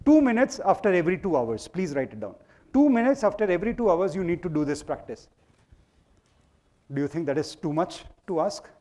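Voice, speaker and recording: A middle-aged man with an Indian accent leads a workshop in front of a live audience. He talks very fast and with a lot of energy, and his voice sits slightly high. He switches between Hindi and English and keeps asking the crowd questions. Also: mellow. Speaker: speaker leading a workshop. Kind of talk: motivational talk to a live audience. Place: auditorium with an audience.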